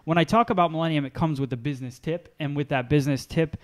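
A man with a somewhat higher voice hosts a relaxed podcast chat. He is easygoing and agreeable and often chimes in while his co-host talks. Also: quick pace.

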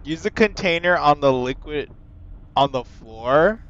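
Exasperated, swearing young streamer. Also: male voice, on the high side, animated, unhurried, fairly bright tone, dull audio. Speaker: game streamer. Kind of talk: frustrated gameplay commentary.

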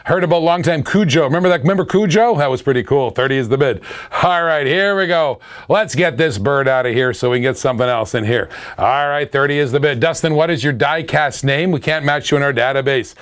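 A man's voice: a little high, brisk. A middle-aged man from Canada hosting a live auction stream, calling bids, laughing and chatting with viewers.

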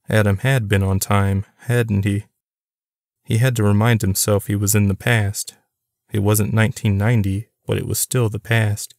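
A man narrating a novel chapter in a plain, even storytelling manner. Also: fairly low pitch, normal speed, no echo, clean studio sound. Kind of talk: audiobook reading of a novel.

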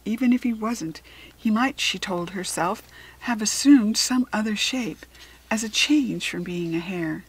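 A woman reading a children's storybook aloud in a soft, often whispered narration. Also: medium pitch, unhurried, breathy edge, poor audio. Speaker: children's book reader.

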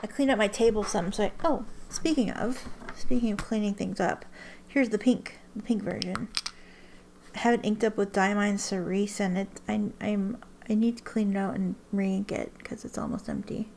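A woman's voice: mid-range voice, fairly even intonation, moderate pace, vocal fry, darkish tone, a little hiss or hum. A woman chatting casually to camera in a rambling way, with many restarts and ums. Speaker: ink swatching vlogger.

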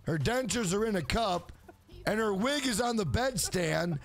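A man's voice: high voice, expressive, measured pace, soft background music. A man live-streaming a game, rambling through crude, profane stories and talking back to his chat by name. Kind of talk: casual chat while gaming on a live stream.

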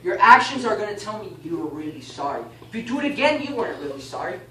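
A man teaching a baptism class in a casual, animated way, often asking "okay?" and "you know?". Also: high-pitched, fast. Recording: echoey room, mic far off, faint noise.

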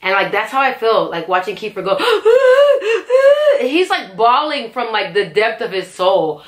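Bright-voiced, excitable young woman vlogger. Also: mid-range voice, normal speed. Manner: excitable and emotional, chatty with many fillers. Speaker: reaction video host. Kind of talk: casual reaction commentary.

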